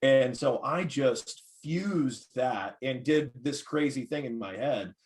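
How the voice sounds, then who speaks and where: An actor telling a self-mocking story in casual chat over a video call. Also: male voice, mid-range voice, slow pace, a little mellow. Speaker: cast member, actor.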